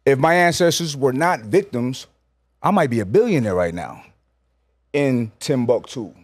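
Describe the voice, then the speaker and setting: A man from New York, a guest on a podcast, speaking bluntly and emphatically in a casual chat, sometimes swearing and stressing each statement slowly. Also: medium pitch, animated, no echo.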